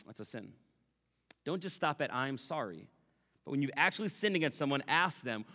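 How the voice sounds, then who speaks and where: Bright-voiced man preaching in a hall. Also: mid-range voice, normal speed. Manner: animated preaching, acting out quoted apologies, playful asides. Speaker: pastor. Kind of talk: sermon.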